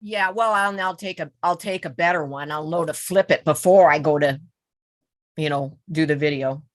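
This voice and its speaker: A woman with a lowish voice talks casually on a quilting video call, telling little stories and laughing often. The sound is dry, with little room behind it. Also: moderate pace, dry recording. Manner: chatty storyteller, laughs often. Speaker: regular co-host on a quilting call. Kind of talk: casual chat.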